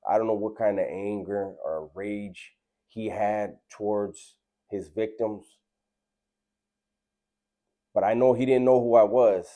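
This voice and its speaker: Laid-back man, dark voice. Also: on the low side, a little slow. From Southern California. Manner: laid-back, slangy, earnest. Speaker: storyteller. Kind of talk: casual personal storytelling.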